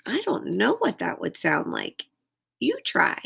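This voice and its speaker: Reading aloud at home to young kids, this woman has a medium-pitched voice with vocal fry and a breathy edge. She takes her time, reads expressively, and invites the children to imitate animal sounds.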